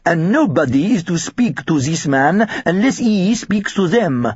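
A man's voice: high-pitched, lively intonation, a little slow, husky, dry recording, lo-fi sound, pitched above the performer's own voice, exaggerated voice. A man voicing a short-tempered, bald male French teacher with an exaggerated French accent, speaking curtly. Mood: stern. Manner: curt, barking. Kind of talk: audiobook character voice.

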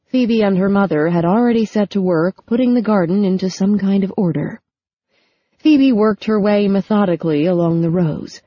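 A woman narrating a romance novel as an audiobook, steady and even, close on the mic. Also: medium pitch, breathy edge, no room sound, lo-fi sound. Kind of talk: scripted narration.

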